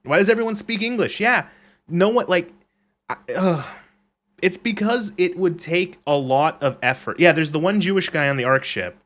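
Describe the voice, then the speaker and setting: A man's voice: high-pitched, moderate pace, a bit bright. A man streaming a game live, ranting casually with frequent swearing and reading chat aloud. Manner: rambling, profane, reads chat aloud.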